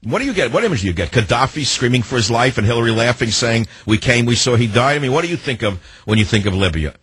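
A man's voice: medium pitch, sing-song, very fast, a bit bright, husky, no room sound. An older man hosting a talk show, rambling in a sardonic, free-associating monologue. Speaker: radio talk host. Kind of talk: opinionated talk radio monologue.

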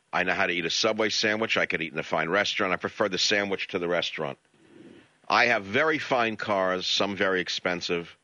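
Ranting male radio host, bright voice. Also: fairly low pitch, no room sound. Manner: ranting, sarcastic, blunt. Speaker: radio talk show host. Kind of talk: talk radio monologue. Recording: dull lo-fi radio audio.

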